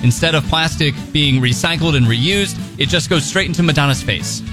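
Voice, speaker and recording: A male morning radio co-host talking quickly and good-humored, often laughing along. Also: a little high, over music. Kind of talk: joking radio banter. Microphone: studio microphone.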